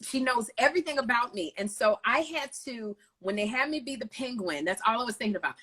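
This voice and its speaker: Bright, husky woman telling animated stories. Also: on the high side, fairly quick. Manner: animated storytelling, lively retellings. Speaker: host. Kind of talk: casual chat. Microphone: video call.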